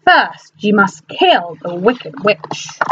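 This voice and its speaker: A woman voicing a scheming male wizard in a storybook reading, speaking slowly and deliberately in a lowered voice. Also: sing-song, lo-fi sound, background noise.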